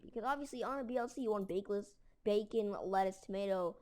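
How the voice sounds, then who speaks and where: A woman's voice: medium pitch, fast, a little mellow. A woman telling a story casually, rambling with lots of fillers and mild slang. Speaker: storytelling video creator.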